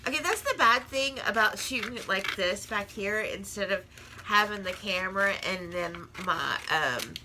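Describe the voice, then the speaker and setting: A woman's voice: mid-range voice, lively intonation, moderate pace, noisy background. A woman in a casual crafting vlog, chatting and rambling while she works, often laughing at herself. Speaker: crafting vlogger.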